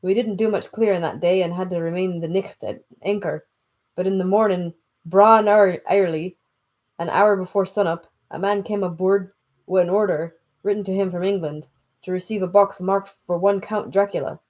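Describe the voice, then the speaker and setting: A woman reading aloud and voicing a gruff middle-aged male sea captain with a Scottish accent, rambling in thick dialect. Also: lowish voice, steady tone, normal speed, a little mellow, close to an everyday voice. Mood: stubborn. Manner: folksy, rambling dialect storytelling. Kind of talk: audiobook reading.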